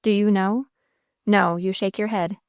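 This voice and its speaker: A woman's voice: medium pitch, fairly even intonation, a little slow, smooth, no echo, highs cut off, close to an everyday voice. A woman voicing an ardent, devoted young man, speaking in a pleading, emphatic way in a storybook reading. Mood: coaxing.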